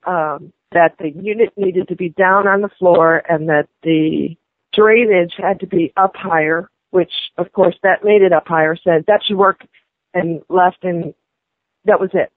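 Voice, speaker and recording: A woman's voice: fairly low pitch, measured pace, dry recording. A woman angrily complaining on a phone call, indignant and swearing. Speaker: prank call target, angry customer. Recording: tinny phone line.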